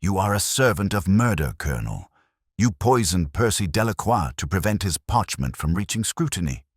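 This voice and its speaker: Guy doing an icy victorian detective, cold and measured, very deep voice, lively delivery. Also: slightly rough, no echo, clean studio sound, heavily acted. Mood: accusing.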